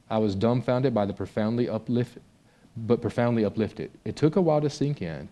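A man's voice: on the low side, normal speed, dark tone. A man preaching a conversational sermon and reading a story aloud from a book with expression. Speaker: pastor.

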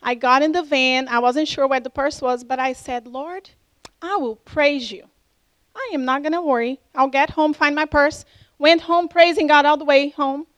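A middle-aged woman with a non-native English accent, giving an animated testimony and acting out the conversations in her story. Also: moderate pace, no room sound, rough recording. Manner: animated, acts out dialogue with lively pitch jumps. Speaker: church member giving a testimony.

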